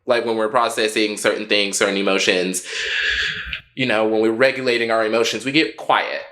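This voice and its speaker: A young man co-hosting a podcast, telling a personal story in a candid, profane, animated way. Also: lowish voice, brisk. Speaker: podcast co-host.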